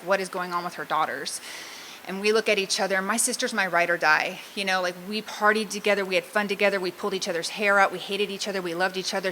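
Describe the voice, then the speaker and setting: Bright-voiced woman, candid and self-mocking. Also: fairly low pitch, slight background noise, poor audio. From Southern California. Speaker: recovery meeting speaker. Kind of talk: personal testimony.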